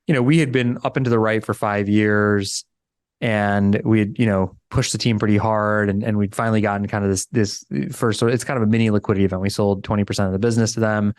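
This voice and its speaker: This middle-aged podcast guest talks fast in a lowish, clear, resonant voice, recorded without echo. During a casual interview he tells a story with lots of animation, acting out what each person said.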